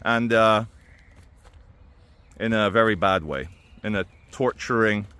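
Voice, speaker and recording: A man talking through his opinions in a casual, animated monologue to camera. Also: on the low side, slow pace, clean tone, dry recording. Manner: conversational and animated, with quoted impressions. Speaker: video commentator.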